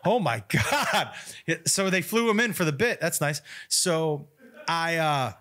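A man co-hosting a podcast in a studio, telling a story in a casual, animated way and laughing often. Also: fairly high pitch, a little slow. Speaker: podcast co-host, comedian.

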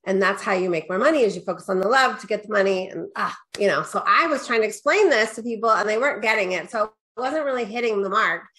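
Lively middle-aged woman telling her story. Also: fast talker, hardly any pauses. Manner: animated storyteller, quotes herself with rising pitch; peppers talk with "right?" and "da, da, da". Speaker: guest business coach. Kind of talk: casual storytelling interview.

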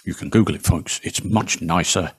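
Casting: lowish, husky UK man, dry wry podcast co-host. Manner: dry, wry asides, halting starts. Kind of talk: casual chat.

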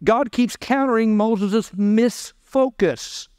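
A male pastor delivering a sermon with a high, smooth and resonant voice. He acts out the voices of scripture characters as he preaches. The sound is dry and close, with no room echo. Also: slow pace, a little mellow. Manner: preaching, acting out the voices of God and Moses. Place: church.

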